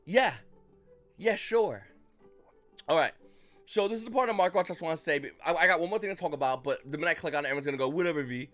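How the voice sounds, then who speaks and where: A man's voice: on the high side, quick pace, long pauses, a bit bright, soft background music. A man hosting a casual trading card market commentary, talking loosely and acting out buyers' reactions in mock voices. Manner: loose, rambling delivery with restarts.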